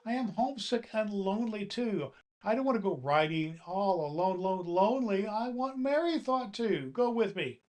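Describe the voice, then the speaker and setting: A man voicing a homesick, stubborn little girl doll in a storybook, with a high, pleading, wailing voice. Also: expressive, moderate pace. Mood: sobbing, pleading.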